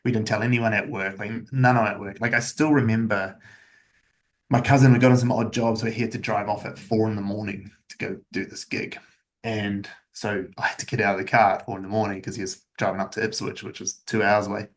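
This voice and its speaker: A man speaks in a low-pitched voice as a podcast guest, telling his own story plainly and without drama. His delivery stays even-keeled and candid, with many casual fillers. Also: fairly quick. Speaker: podcast guest, agency founder. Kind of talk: personal storytelling in an interview.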